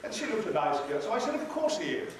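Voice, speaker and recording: Older man, theatrical wry storyteller, raised pitch, noisy distant recording. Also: sing-song, fast talker. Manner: theatrical, wry storytelling, acting out other people's lines. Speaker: convention panel guest. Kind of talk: anecdotal storytelling. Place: convention hall. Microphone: audience recording from far off. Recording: echoey hall recorded from a distance with noise.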